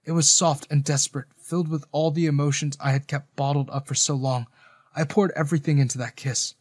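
A man's voice: a little high, fairly even intonation, fairly quick, a little mellow, dry recording, clean studio sound. A man narrating a first-person romance story in an earnest, emotional manner.

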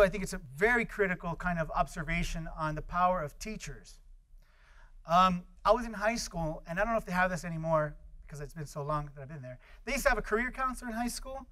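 Storytelling male lecturer, fairly high voice. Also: sharp tone. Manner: anecdotal, acts out quoted voices, many fillers. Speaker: guest lecturer.

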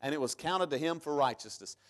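A man preaching a sermon in church, reading scripture aloud and swinging between loud emphatic peaks and sudden hushed drops. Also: on the high side, expressive, a little fast. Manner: reads scripture aloud in King James English. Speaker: pastor.

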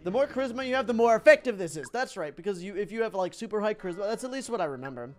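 A young man giving excitable let's-play commentary, thinking aloud and laughing as he plays. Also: sits high, rapid-fire, soft background music. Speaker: gaming YouTuber.

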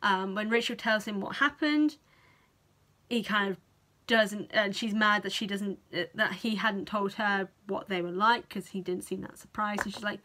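A young British woman giving a casual film review to camera, chatty and animated, swearing freely and acting out the characters' reactions. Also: medium pitch, moderate pace. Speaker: vlogger.

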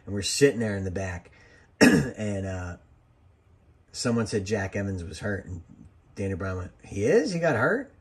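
A man's voice: deep voice, unhurried, pauses often, husky. A man, a former wrestling referee, giving casual, rambling commentary over old match footage and drifting into jokey side stories.

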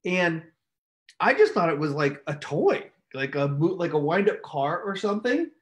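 A man hosting a casual live stream, telling a story with animated outbursts and acted-out shouts. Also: fairly high pitch, moderate pace. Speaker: host.

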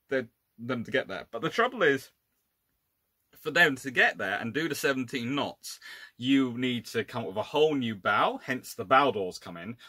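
A man's voice: medium pitch, bright, forceful tone, dry recording. A man, a naval historian, giving an informal illustrated lecture with wry, exasperated asides and frequent self-corrections.

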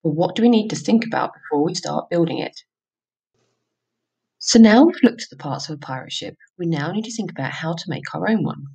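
A woman presenting a children's lesson, giving instructions in an encouraging way, with a husky, gravelly voice. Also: fairly low pitch, expressive, a little fast, darkish tone, low-quality recording. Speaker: outdoor learning presenter.

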